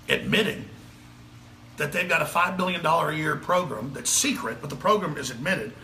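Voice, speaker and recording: A man's voice: a little high, gravelly, sharp tone, roomy sound, a little hiss or hum. A man with a Texan accent delivering a heated, sarcastic political monologue as a talk show host. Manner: rapid-fire, sarcastic, indignant.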